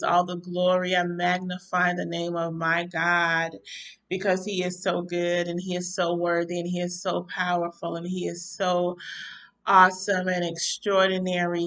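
A woman minister preaches a devotional talk to her listeners, piling up fervent, repeated phrases of praise. Her voice has a bright, forceful edge, though it carries a tired, worn-down weariness. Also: fairly low pitch, distant mic, low-quality recording. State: mentally weary, tired-sounding voice. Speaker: minister and podcast host. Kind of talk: devotional talk to a live audience.

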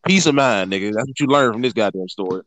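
A man's voice: fairly low pitch, fast, a bit bright, slight background noise. A man in casual chat, profane and emphatic as he hammers home a point. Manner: emphatic, preachy wrap-up, profane.

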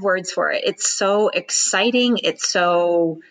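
A woman public speaking coach chatting in an interview, slipping into quick acted-out inner voices to make her point. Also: lowish voice, low-quality recording. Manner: acts out worried inner voices in quick asides. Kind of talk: podcast interview chat.

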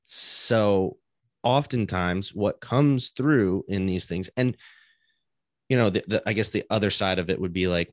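A man's voice: on the low side, measured pace, no echo, studio quality. A man co-hosting a casual faith podcast, talking earnestly and thinking aloud with frequent restarts. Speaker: podcast co-host.

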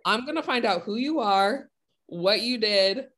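A woman's voice: medium pitch, expressive, a little slow, a bit bright. A woman co-hosting a podcast in casual chat, backing her partner up with short affirmations. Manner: supportive, with frequent short affirmations. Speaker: podcast co-host.

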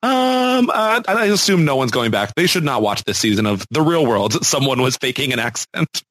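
A man co-hosting a podcast in easy chat, often breaking into laughter. His pitch swings widely as he talks. He is recorded dry and close to the mic. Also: moderate pace, dry recording. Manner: giggly, laughs often, lively delivery. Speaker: podcast co-host. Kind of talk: casual chat.

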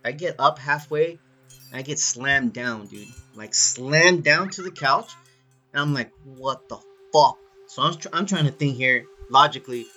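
A man telling a story in casual chat, swearing freely and saying "dude" all the time. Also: a little high. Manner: swears a lot, animated, says "dude" often.

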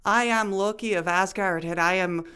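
A woman's voice: medium pitch, moderate pace, bright, forceful tone, clean tone, close to an everyday voice. A woman voicing the trickster god Loki in an amateur attempt at a Scottish accent that sounds Irish, recited with mock grandeur. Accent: attempted Scottish accent that comes out Irish.

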